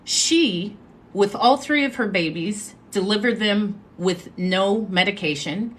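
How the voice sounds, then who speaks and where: A woman hosting a live stream, telling a story in a chatty, animated way and making asides to her viewers. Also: mid-range voice, slow. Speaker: livestream host.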